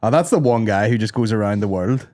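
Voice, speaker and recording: A man hosting a podcast in casual comedic chat, swearing often and quick to laugh. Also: on the low side, a little mellow, no room sound, clean studio sound. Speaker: podcast host.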